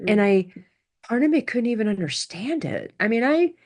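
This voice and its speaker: A woman's voice: a little high, sing-song, normal speed. A woman hosting a podcast conversation, speaking reflectively and often trailing off mid-sentence. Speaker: podcast host. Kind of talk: casual chat.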